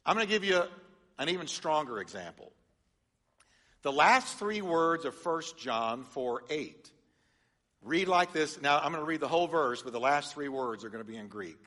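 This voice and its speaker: A man preaches to his congregation. His bright voice swings widely in pitch as he has them repeat words back to him. A long reverb from the church sanctuary trails behind each phrase. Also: moderate pace. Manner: animated, engages congregation with call-and-response. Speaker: pastor. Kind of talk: sermon teaching.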